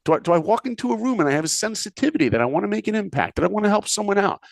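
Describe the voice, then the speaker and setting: A man with a very lively, swooping pitch tells a story, jumping into characters' voices and firing questions at his listener. The sound is dry and close, with no room echo. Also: rapid-fire, gravelly. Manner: animated, acts out characters' lines, asks the listener questions. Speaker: podcast guest, speaker and filmmaker. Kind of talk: animated storytelling in conversation.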